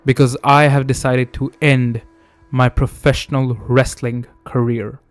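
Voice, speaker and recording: A man's voice: medium pitch, flat delivery, a little slow, no echo, natural voice. A man voicing a grim male wrestler solemnly announcing his retirement. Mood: remorseful. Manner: solemn, remorseful.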